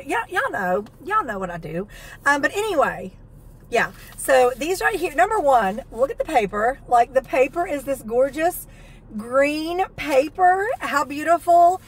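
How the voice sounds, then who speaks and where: A high-pitched woman with a drawl talks through her shopping haul. She is chatty and excitable, gushing over what she bought and reading the labels aloud as she goes. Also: measured pace. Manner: chatty, enthusiastic, reads product text aloud. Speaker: haul vlogger. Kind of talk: casual haul video chat.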